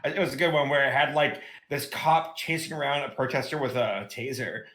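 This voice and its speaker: A man's voice: mid-range voice, fairly quick, a bit bright. A man co-hosting a casual podcast chat, telling stories animatedly and acting out quotes in different voices. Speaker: podcast co-host.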